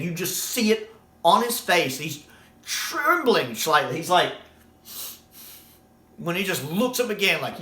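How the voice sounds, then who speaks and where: A man's voice: a little high, roomy sound. A man from the United States, enthusiastically discussing a sci-fi show in casual talk and acting out quoted scenes. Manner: excited, quotes scenes in acted voices.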